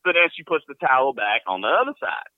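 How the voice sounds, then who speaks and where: Animated man in his fifties telling a story. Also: medium pitch, fast, no room sound. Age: 50s. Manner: animated, laughing, crude comic storytelling. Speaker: podcast host. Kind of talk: casual storytelling chat. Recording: dull, dry lo-fi sound.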